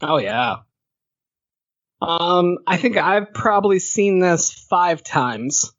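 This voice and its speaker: A man's voice: sits high, expressive, takes it slowly, fairly bright tone, no echo. A man hosting a podcast in a casual, teasing way. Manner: teasing, laughs through his lines. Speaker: podcast host. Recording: dull lo-fi podcast audio.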